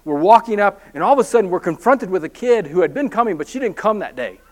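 Brief: male pastor, higher-pitched voice, lively storytelling sermon with self-deprecating humor. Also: fast talker.

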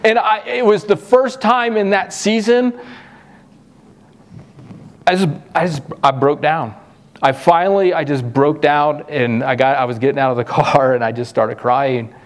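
A middle-aged pastor preaching a sermon, animated, his voice jumping up when he acts out questions to God. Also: unhurried. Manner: animated, voice jumps high when acting out questions.

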